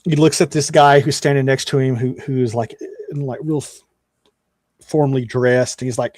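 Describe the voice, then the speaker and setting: A man running a tabletop game, narrating scenes casually with plenty of fillers and asides. His voice has an average pitch. The sound is dry, close and free of room echo. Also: steady tone, normal speed, a little mellow. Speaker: game master.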